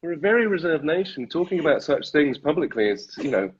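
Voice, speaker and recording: A British man, an actor, chatting in an interview, self-deprecating and quick to laugh. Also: a little high, sing-song, breathy edge. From Britain. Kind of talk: casual interview chat. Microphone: video call. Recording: dull lo-fi livestream audio.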